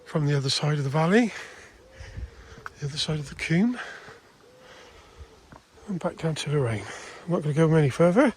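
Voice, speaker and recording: A man's voice: fairly high pitch, animated, normal speed, long pauses, a little mellow, slight background noise. An older man chatting casually as he walks through the countryside filming, rambling with restarts. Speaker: vlogger. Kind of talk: casual walking commentary. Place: outdoors in countryside.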